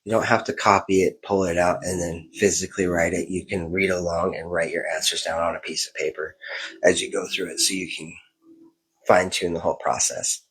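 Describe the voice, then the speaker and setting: A man's voice: low voice, level tone, fairly quick, a bit bright, husky, poor audio. A man in his thirties co-hosting a podcast, talking in a rambling, candid, self-reflective way. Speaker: podcast co-host. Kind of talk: casual podcast chat.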